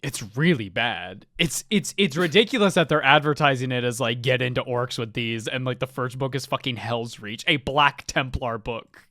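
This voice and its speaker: Profane, ranting man with bright voice. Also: medium pitch, lively intonation, normal speed, hardly any pauses, no room sound, studio quality. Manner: ranting, profane, laughing often. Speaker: podcast co-host. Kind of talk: casual book club chat.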